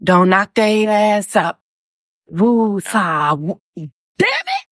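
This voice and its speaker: Exasperated woman in a comedy sketch, slow. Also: medium pitch, huge pitch swings, no echo, clean studio sound. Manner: exasperated, breathing through anger.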